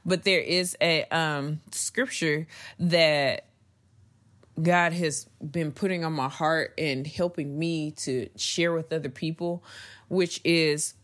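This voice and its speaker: A woman's voice: low-pitched, steady tone, slow pace, fairly bright tone. A young adult woman hosting a faith-based podcast, speaking in an earnest, conversational way that turns emphatic as she goes. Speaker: podcast host.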